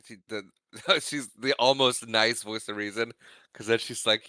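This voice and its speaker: Man, podcast co-host, animated delivery, crisp and dry close-mic sound. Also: mid-range voice, unhurried, no echo. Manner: animated, acts out movie lines in silly voices. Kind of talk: casual movie discussion.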